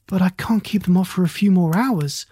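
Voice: medium pitch, moderate pace, dark tone, husky, dry recording, lightly acted. A narrator doing a worried kindly aunt. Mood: anxious.

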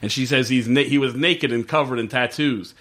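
A man co-hosting a podcast, chatting casually about a TV episode, swearing and acting out lines of dialogue. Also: mid-range voice. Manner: animated, swearing, acts out dialogue in quick put-on voices. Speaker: podcast co-host. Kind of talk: casual chat recapping a TV episode.

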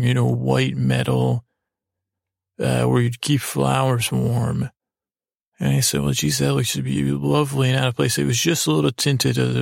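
A man's voice: medium pitch, gravelly, no room sound, clean studio sound. A man telling a rambling, improvised sleep story, meandering and hesitant, with many restarts. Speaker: podcast host.

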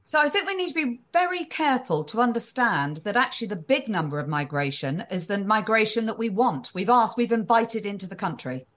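A woman talking as an interview guest, in a middle-pitched voice. She thinks aloud as she goes, repeating and restarting words before she settles on her point. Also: very animated, a little fast, hardly any pauses, fairly bright tone. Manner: thoughtful, frequent restarts and fillers, occasional laughs. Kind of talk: conversational interview answers.

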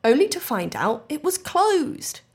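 A woman's voice: high voice, very animated, a little slow, darkish tone. A woman co-hosting a podcast in casual chat, reading listener stories aloud and laughing easily. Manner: chatty storyteller, laughs easily. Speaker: podcast co-host.

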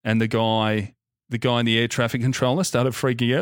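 An Australian man co-hosting a podcast, telling stories in an animated, laughing, profane way. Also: mid-range voice, a little fast, no room sound, clean studio sound. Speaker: podcast co-host. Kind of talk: casual chat.

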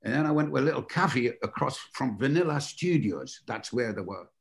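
Gravelly Geordie man telling stories. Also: mid-range voice, fairly quick. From North East England. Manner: animated, acts out other voices in quotes. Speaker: guest. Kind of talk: anecdotal storytelling.

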